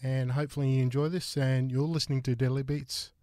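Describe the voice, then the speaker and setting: An Australian man hosts a music show from a radio studio, sounding a bit out of breath. He talks in a halting way with plenty of filler sounds. His voice sits at an ordinary middle pitch, and the studio mic is close and dry. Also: flat delivery, dark tone, no echo. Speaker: radio host.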